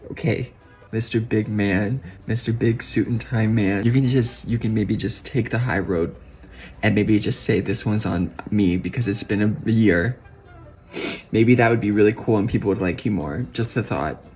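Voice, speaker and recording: A man's voice: lowish voice, moderate pace, darkish tone, soft background music. A man delivering a rambling, mock-indignant comic rant to the camera.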